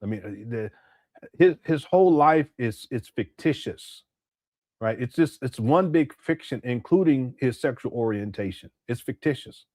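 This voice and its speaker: A man's voice: medium pitch, dry recording, studio quality. Candid man from Southern California commenting. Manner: candid and animated, with frequent restarts and quick asides. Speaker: commentator and channel host. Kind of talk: reaction commentary.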